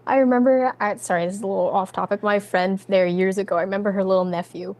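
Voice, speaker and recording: A woman's voice: mid-range voice, fairly even intonation, quick pace, a little mellow. A Canadian woman chatting as a guest on a podcast about her book. She talks loosely and self-deprecatingly, breaking into easy laughter between thoughts. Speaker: guest author. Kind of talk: casual podcast chat.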